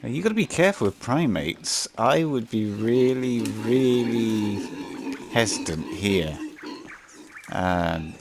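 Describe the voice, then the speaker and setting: A man's voice: on the low side, animated, takes it slowly, background noise. Rambling man commentating gameplay. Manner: rambling, hesitant, many fillers and restarts.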